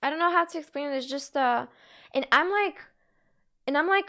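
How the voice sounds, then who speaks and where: This is a young live streamer from Bulgaria talking to her viewers' chat with earnest, emotional hesitation. Her voice is high and sharp in tone.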